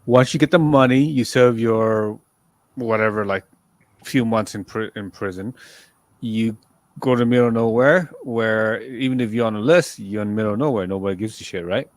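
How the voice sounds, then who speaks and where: A man's voice: lowish voice, moderate pace, no room sound. A man co-hosting a podcast, chatting casually and jokingly, often stammering and restarting. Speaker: podcast co-host. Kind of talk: casual chat.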